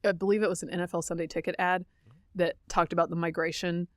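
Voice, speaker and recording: A woman co-hosting a podcast in casual chat, giving quick, opinionated takes on commercials and politics. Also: lowish voice, flat delivery, no echo. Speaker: podcast co-host.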